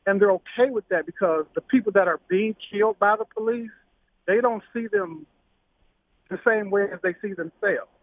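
Man, radio caller, high-pitched, earnest, insistent, dry phone audio. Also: animated, normal speed, no echo. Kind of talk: call-in radio comment. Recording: tinny phone line.

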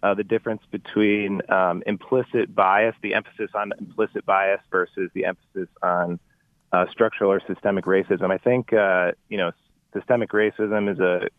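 A man's voice: sits low, steady tone, moderate pace, no echo. A man calling into a radio show to ask a question, talking hesitantly with many fillers. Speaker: caller. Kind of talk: call-in question. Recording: tinny phone line.

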